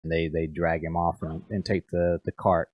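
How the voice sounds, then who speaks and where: A man's voice: low voice, level tone, normal speed, darkish tone, slightly rough, no room sound. A young man narrating as game master, rambling with lots of fillers and repeated words.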